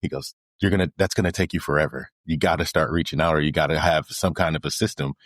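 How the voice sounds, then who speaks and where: A man's voice: a bass voice, fairly even intonation, fast, no echo, clean studio sound. A man hosting an interview podcast, telling stories in a casual way, quoting past conversations and often restarting his sentences. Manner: storytelling, quotes past conversations, many restarts. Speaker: podcast host.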